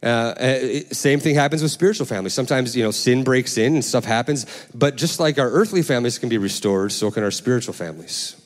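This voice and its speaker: A man preaching a sermon as pastor, in a loose, conversational way, often restarting words and jumping up in pitch while telling stories. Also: quick pace, few pauses, in a large hall. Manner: lively storytelling with sudden pitch jumps. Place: church sanctuary.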